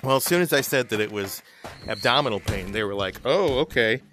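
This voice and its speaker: Over soft background music, a man who hosts gaming videos shares a lengthy personal story in a relaxed, chatty manner while playing. His voice is fairly low, quick, and sharp, and he laughs often and restarts his sentences.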